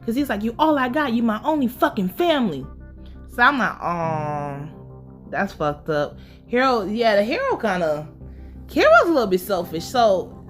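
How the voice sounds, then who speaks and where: A woman casually recapping a TV episode, animated and profane, acting out the characters' lines in her own voice. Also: mid-range voice. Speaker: podcast host recapping a TV episode.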